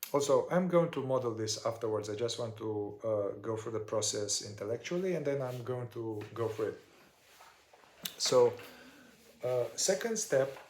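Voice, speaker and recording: A man teaching a therapy process step by step, unhurried and searching for his words with many fillers. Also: mid-range voice, a little mellow, echoey room. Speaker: somatic shadow work teacher.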